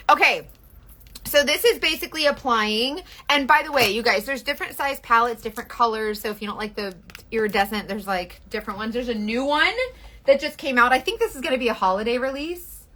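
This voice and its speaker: Bright, chatty woman selling makeup. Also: fairly high pitch. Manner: chatty, gushing, quick self-deprecating asides. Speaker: makeup seller doing a live stream. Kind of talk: casual live-stream makeup tutorial.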